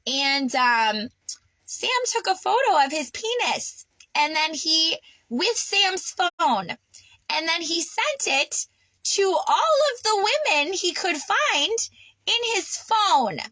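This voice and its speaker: A woman's voice: extremely high pitch, big pitch swings, slow, pushed and bright, no echo, rough recording. A woman ranting in an unscripted personal vlog, agitated and swearing, with stammering restarts. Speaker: vlogger. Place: on her sailboat.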